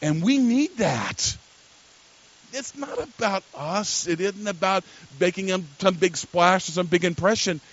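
An older man preaching a sermon as a pastor, telling a story and swinging from quiet asides to loud, emphatic peaks. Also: fairly high pitch, lo-fi sound.

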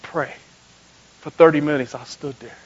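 High-voiced pastor preaching. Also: male voice, moderate pace, lo-fi sound. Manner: animated storytelling, acts out voices in quotes; swings from loud emphatic to quiet and soft. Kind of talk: sermon.

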